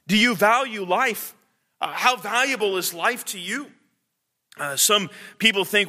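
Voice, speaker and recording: A man preaching a sermon, earnest and halting, with many fillers and restarts. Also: high-pitched, sharp tone.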